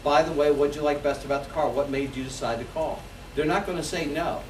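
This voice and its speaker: Sales trainer, man, 40s. Lively, high-ish voice, recorded at a distance in an echoey room. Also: fairly quick, a little hiss or hum. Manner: energetic, role-plays customer calls.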